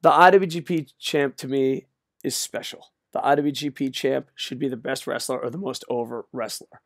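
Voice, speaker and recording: A man's voice: mid-range voice, fairly even intonation, moderate pace, dry recording, clean studio sound. An older man ranting, exasperated and sarcastic, with frequent profanity, in a solo video. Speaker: wrestling commentator.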